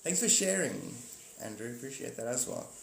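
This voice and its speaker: Man, casual live stream chat, mid-pitched, swears, rambling, echoey room. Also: huge pitch swings, normal speed, creaky. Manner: rambling, jokey, swears, acts out silly voices. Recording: echoey room with faint noise.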